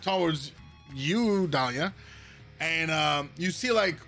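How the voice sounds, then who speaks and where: A man narrating as dungeon master in a rambling, halting way. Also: fairly high pitch, animated, fairly bright tone, soft background music. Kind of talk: narrating a tabletop game.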